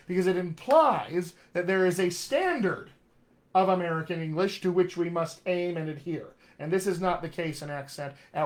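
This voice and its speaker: A man who is a dialect coach, giving a conversational, opinionated live-streamed lesson on accents. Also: on the high side.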